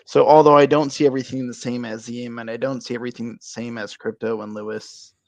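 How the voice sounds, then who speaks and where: Male caller, gravelly mid voice, dry sound, measured and reflective. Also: mid-range voice, little pitch movement, dry recording. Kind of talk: casual chat.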